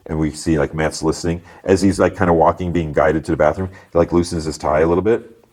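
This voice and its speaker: A man's voice: low-pitched, steady tone, quick pace, darkish tone. A man hosting a podcast, casually recapping a TV episode and quoting the characters in raised voices, with lots of fillers. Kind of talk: casual recap, acting out dialogue.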